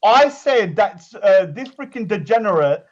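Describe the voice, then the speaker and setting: Man, high voice, teasing host, muffled lo-fi voice-call audio. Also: big pitch swings, measured pace. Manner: teasing, provocative trolling. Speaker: host of an online call-in chat. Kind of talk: casual group call banter. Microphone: online voice call.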